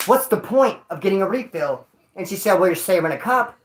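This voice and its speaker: Male streamer, rambling storyteller, street slang and swearing, swings from loud to muttered. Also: sits high, animated, a little fast, low-quality recording. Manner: jumps between loud bursts and mutters. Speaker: livestreamer. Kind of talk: casual storytelling to a live chat.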